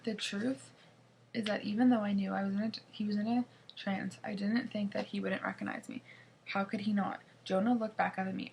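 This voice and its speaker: Brief: woman narrating a children's book, chatty, gravelly edge, even middle pitch. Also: slight background noise. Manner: chatty, with small slips and restarts. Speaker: reader. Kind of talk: reading a children's chapter book aloud.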